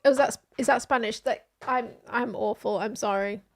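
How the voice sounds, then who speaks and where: A woman streamer reading news posts aloud and reacting in a casual, animated way, with exclamations. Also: fairly high pitch, normal speed, creaky, a little hiss or hum.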